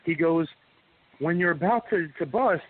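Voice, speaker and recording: A man on a casual podcast telling a long, animated anecdote. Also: on the high side, moderate pace, background noise. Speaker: podcast co-host. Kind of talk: casual storytelling chat. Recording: tinny phone-like audio.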